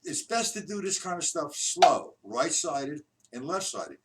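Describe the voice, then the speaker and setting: A man giving a live-streamed drum lesson, taking his time as he counts beats aloud and walks through each exercise. He sits well back from the mic, and loud noise runs under his voice. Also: on the high side, very animated, far from the mic. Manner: slow, patient counting aloud, demonstrating rhythms. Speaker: drum teacher.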